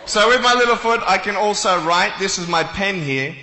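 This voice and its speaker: A man's voice: high voice, moderate pace, pushed and bright, slight background noise. A man speaking to a live audience as a motivational speaker, telling playful stories and jokes. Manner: joking, playful storyteller. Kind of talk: comic talk to a live audience. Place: large hall with an audience. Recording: echoey hall with long reverb.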